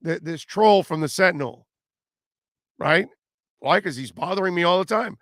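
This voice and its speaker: A man's voice: high voice, expressive, moderate pace, fairly bright tone, no room sound, clean studio sound. A man hosting a sports radio show, talking casually with fillers and repeated words.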